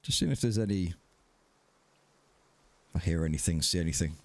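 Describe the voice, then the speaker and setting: A man's voice: deep voice, a little fast, no room sound. A man live-streaming a survival game, chatting casually with viewers, thanking them by name and swearing freely. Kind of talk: casual live-stream chat while playing.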